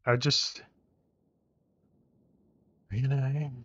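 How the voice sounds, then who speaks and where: A man's voice: mid-range voice, little pitch movement, drawn-out words, highs cut off. A man streaming a survival game, chatting casually and joking, often trailing off mid-sentence, with faint noise behind. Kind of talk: casual gaming chat.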